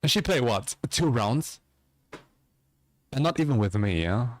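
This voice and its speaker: A man's voice: mid-range voice, big pitch swings, a little slow. A man chatting casually with viewers as a livestream host, joking around.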